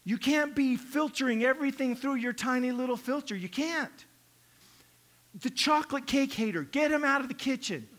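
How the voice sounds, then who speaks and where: A man's voice: very high voice, moderate pace, a bit bright. A middle-aged male pastor preaching a sermon in a conversational, humorous way, acting out little quotes.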